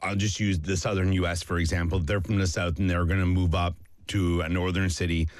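A man's voice: sits low, level tone, fairly quick, no echo, clean studio sound. A man in an easygoing, agreeable manner, talking in a casual group discussion and often restarting his words.

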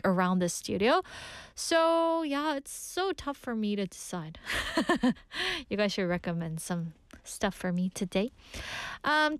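Young female radio DJ, slightly high voice, chatty, reads listener mail, dry studio mic. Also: clear, resonant tone, dry recording. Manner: chatty, laughs often, mixes in Korean phrases. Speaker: radio show host. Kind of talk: casual radio chat reading listener messages.

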